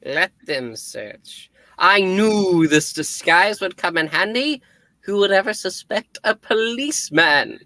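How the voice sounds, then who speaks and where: A woman's voice: medium pitch, lively intonation, slow pace, sharp tone, no room sound. Woman reading a sly disguise-master villain. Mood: smug. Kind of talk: casual comic read-aloud.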